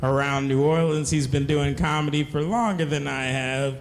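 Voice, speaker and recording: A man's voice: fairly high pitch, moderate pace, slight background noise. Laid-back male podcast host. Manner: laid-back, introduces guests. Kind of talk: casual chat.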